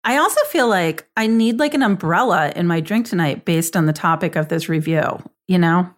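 A woman guest on a podcast, chatting in a relaxed way. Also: fairly low pitch, normal speed. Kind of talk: casual chat.

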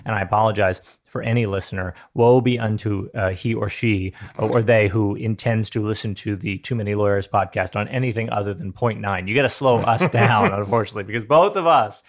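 A young adult man co-hosting a podcast in casual conversation. His voice is on the low side. He rambles through his points with a wry, self-deprecating humor. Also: fairly quick, few pauses. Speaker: podcast co-host. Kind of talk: casual chat.

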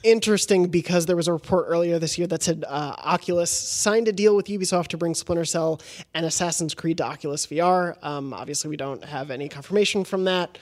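A man hosting a podcast in casual chat, moving through news items with a steady delivery and fillers. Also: fairly high pitch, a little fast. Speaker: podcast host.

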